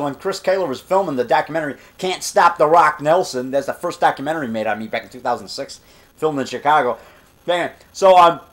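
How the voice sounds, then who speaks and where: Middle-aged male vlogger, slightly high voice, rambling and self-promoting. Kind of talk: rambling casual monologue.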